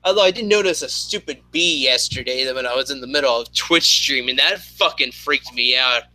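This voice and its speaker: A man's voice: mid-range voice, fairly quick, sharp tone, no room sound, rough recording. Rambling young man hosting a live stream. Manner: rambling, joking, lots of fillers. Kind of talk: casual live-stream chat. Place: home apartment.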